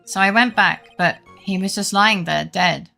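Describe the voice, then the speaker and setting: A woman's voice: medium pitch, measured pace, creaky, sharp tone, faint music behind. A woman reading as a pleading young man on trial. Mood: flustered. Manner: pleading, earnest. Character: nervous young male college student on trial.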